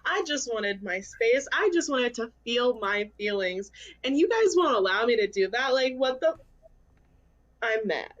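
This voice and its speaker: A woman's voice: on the high side, expressive, a little slow, muffled recording. A woman playing a tabletop game who talks in a blunt, fiery, profane way. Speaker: player. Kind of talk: casual tabletop chat.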